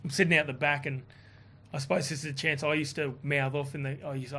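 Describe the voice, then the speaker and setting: A man telling a story in a casual chat, animated and swearing, quoting others in his own voice. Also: on the high side, fast talker, slight background noise. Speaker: guest.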